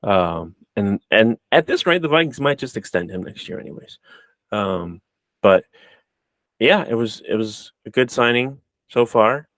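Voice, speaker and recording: A man's voice: lowish voice, lively intonation, a little slow, fairly bright tone, no room sound. A man co-hosting a casual sports podcast, loose and joking, talking with plenty of fillers. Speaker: podcast co-host.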